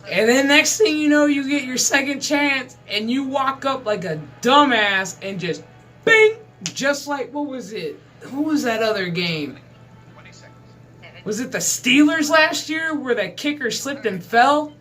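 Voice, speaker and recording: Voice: high-pitched, expressive, a little slow, bright, forceful tone. Rambling, profane sports vlogger. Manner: rambling, profane, chuckling often. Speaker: channel host. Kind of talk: casual sports chat to camera.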